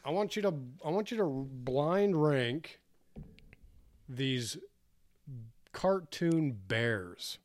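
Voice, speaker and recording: A man's voice: fairly high pitch, expressive, extremely slow, pauses often. A man co-hosting a casual talk show, joking and teasing his friend in a small dry room. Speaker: podcast co-host. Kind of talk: casual banter.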